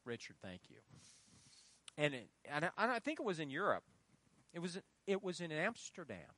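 A man's voice: fairly high pitch, wildly swooping pitch, normal speed, a bit bright. A middle-aged male pastor preaching a sermon with emphasis, prompting the congregation to call out the missing words. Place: church.

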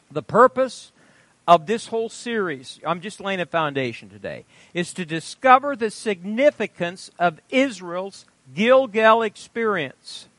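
A man preaching a sermon and reading scripture aloud, with emphatic delivery. He quizzes the congregation in call-and-response and swings between loud proclamation and quiet asides. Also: high voice, dry recording. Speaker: pastor.

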